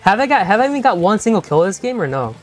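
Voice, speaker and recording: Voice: medium pitch, big pitch swings, fast talker, soft background music. A young-adult game streamer chatting playfully with viewers during a live session, laughing often and teasing the chat.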